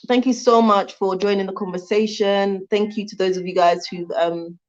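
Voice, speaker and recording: A woman's voice: mid-range voice, lo-fi sound. A Jamaican-born woman hosting a casual livestream from home, reading out viewer comments and laughing often. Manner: chatty, laughs often, thanks viewers warmly. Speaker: livestream host. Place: home in Rwanda.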